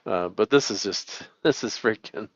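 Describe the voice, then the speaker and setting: A man's voice: on the low side, measured pace, dry recording. Chuckling middle-aged man, dry dull sound. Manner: chuckling, rambling, lots of laughter. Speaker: host. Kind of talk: casual live-stream chat.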